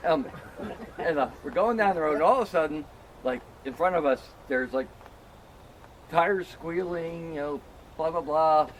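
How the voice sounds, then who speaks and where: A middle-aged man tells a casual anecdote to friends, wandering through it with plenty of fillers and self-mocking humor. His voice sits a bit higher than most men's. A faint hiss runs under the recording. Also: moderate pace, long pauses. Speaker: storyteller among friends.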